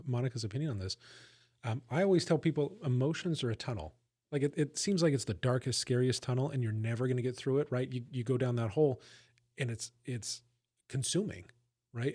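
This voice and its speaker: A man's voice: medium pitch, fast, mellow. A man co-hosting a podcast, talking in an earnest, reflective way and often checking in with his listeners. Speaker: podcast co-host. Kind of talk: casual conversation.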